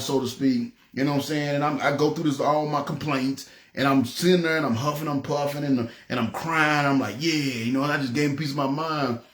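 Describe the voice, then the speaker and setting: Preacher guy telling his testimony, lively storyteller, a bit high pitched, roomy echo. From Memphis, Tennessee. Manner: animated storytelling, acts out dialogue; frequent "you know what I'm saying". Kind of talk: personal testimony.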